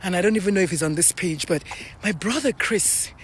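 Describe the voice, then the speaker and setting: A woman's voice: fairly low pitch, fairly quick, slightly rough. A middle-aged Nigerian woman hosting a casual live stream, talking earnestly and chattily to viewers while out of breath from walking uphill outdoors.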